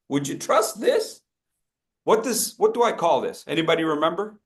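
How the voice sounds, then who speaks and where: At normal speed and with a voice that sits high, a man coaches an interactive speaking workshop. He keeps things upbeat and animated, shouting instructions, naming audience members, and joking around with everyone.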